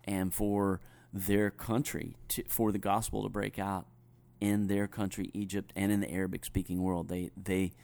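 A man from North Carolina with a softened Southern accent, a pastor chatting thoughtfully and often restarting his sentences. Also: deep voice, level tone, moderate pace, vocal fry, hardly any pauses. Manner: thoughtful, restarts often, chuckles while telling stories. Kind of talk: conversational podcast chat.

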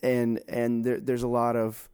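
A man's voice: mid-range voice, completely flat delivery, a little slow, warm tone, clean tone. A man co-hosting a podcast, talking loosely with many fillers and some joking. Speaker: co-host. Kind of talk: casual podcast chat.

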